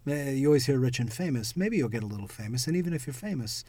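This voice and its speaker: A man's voice: mid-range voice, lively intonation, fast, mellow, no echo. A man co-hosting a podcast, chatting casually and teasing with mock seriousness. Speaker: podcast co-host. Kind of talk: casual chat.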